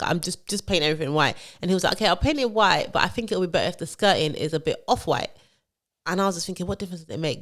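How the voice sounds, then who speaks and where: A woman co-hosting a podcast, telling stories animatedly and acting out what others said. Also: fairly low pitch. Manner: animated storyteller acting out quotes. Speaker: podcast co-host. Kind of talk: casual chat.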